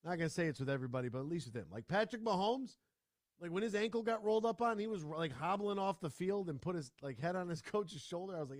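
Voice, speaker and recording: An animated male sports radio host ranting in casual talk, his voice sitting a little higher than most men's. The studio sound is dry and close. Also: fast talker, no echo. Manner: animated, ranting, full of restarts.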